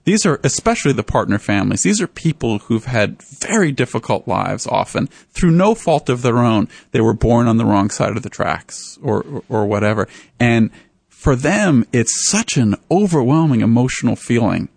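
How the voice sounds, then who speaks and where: A man, an author, telling stories in an interview in an animated way. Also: normal speed, gravelly, slightly rough, no room sound. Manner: animated, voices the people in his stories with raised pitch. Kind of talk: storytelling in a radio interview.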